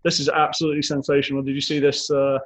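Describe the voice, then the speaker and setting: A man's voice: on the high side, completely flat delivery, fast talker. A man co-hosting a casual football podcast, chatty and leading the segments as he tells stories. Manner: chatty storyteller, leads the segments. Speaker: podcast co-host.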